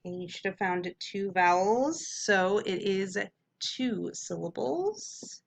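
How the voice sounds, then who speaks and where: A young adult woman teacher giving an upbeat phonics lesson, clearly sounding out letters and syllables. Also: mid-range voice, expressive, takes it slowly.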